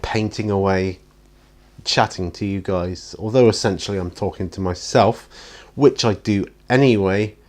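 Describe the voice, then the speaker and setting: A tired man with a notably deep, low voice talks casually from his home hobby studio while he paints. He rambles in a self-deprecating way and keeps yawning. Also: unhurried, a little mellow.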